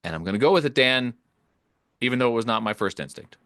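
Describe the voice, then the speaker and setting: A man's voice: mid-range voice, animated, fast, fairly bright tone, smooth, no echo, clean studio sound. A man co-hosting a casual chat, easygoing and thinking aloud as he talks. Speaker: podcast co-host.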